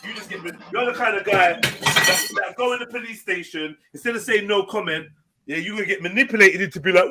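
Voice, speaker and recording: A man's voice: sits high, fairly quick, sharp tone. A man arguing on a live panel, insulting and dismissive, repeating himself. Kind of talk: heated argument on a live panel.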